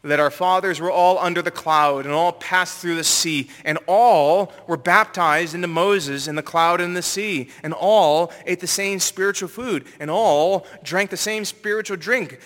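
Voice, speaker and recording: A man delivering an earnest sermon in a church, his voice bright and forceful and a little high. The sound rings out with long reverb from the large sanctuary. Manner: earnest preaching with rising emphasis. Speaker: pastor.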